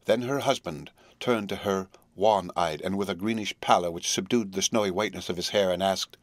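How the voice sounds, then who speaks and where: Audiobook narrator, male, measured and solemn, low voice, dry close sound. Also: no echo. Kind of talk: scripted narration.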